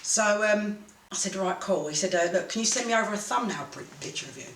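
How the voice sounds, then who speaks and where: A woman, a boxing promoter telling animated stories as an interview guest. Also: mid-range voice, fast talker. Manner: animated, laughing storyteller. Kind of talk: casual storytelling interview. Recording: echoey room, mic at a distance, faint noise.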